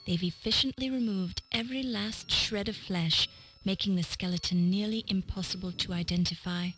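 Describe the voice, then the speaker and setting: A woman narrating a 1990s adventure game in a dry, measured way. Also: mid-range voice, fairly even intonation, a bit bright, husky, poor audio.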